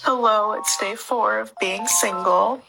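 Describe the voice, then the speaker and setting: A woman's voice: medium pitch, a little slow, creaky, rough recording. A woman crying while repeating a self-help mantra. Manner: tearful, mantra-like. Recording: loud background music.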